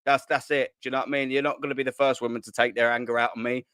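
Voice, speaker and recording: A young man, hosting a casual live stream from his kitchen at home, talking in excitable slang, swearing and repeating himself. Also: medium pitch, rapid-fire, smooth, dry recording, studio quality. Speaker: football channel host. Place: at home, sitting at a kitchen island.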